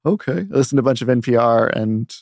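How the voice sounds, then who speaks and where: A man with a soothing, measured way of telling stories, chatting casually as a regular in a studio podcast. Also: mid-range voice, little pitch movement, a little mellow, no echo. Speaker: podcast regular, review curation manager.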